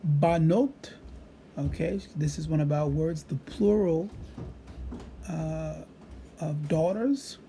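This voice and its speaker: A man's voice: fairly high pitch, slow pace, pauses often, dark tone, slight background noise. A middle-aged man, a Hebrew teacher, patiently walking through a vocabulary app demonstration with frequent "uh" fillers. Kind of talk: screen-recorded app demonstration lesson.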